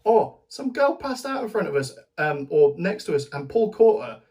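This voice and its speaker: A man's voice: high voice, big pitch swings, normal speed, a little mellow. Chatty British man rambling with laughs. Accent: British English. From Britain. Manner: chatty and rambling, laughs often, restarts sentences. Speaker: vlogger. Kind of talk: casual spoken festival recap.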